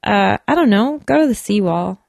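A young woman co-hosting a comedy podcast, giggly and quick with quips. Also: medium pitch, expressive, creaky, darkish tone, dry recording, clean studio sound. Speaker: podcast co-host. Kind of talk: casual comedy podcast chat.

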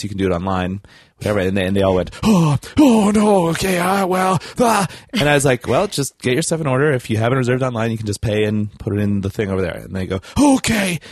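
A man's voice: on the low side, no room sound, studio quality. A young man telling a long casual story, rambling with restarts and acting out the people he quotes.

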